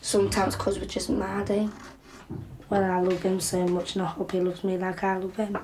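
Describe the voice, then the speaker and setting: A young woman with an English accent speaks in a flat, even voice, plain and subdued, with a little halting. A faint noise sits behind her. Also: mid-range voice, echoey room, rough recording. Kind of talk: casual interview, reading aloud.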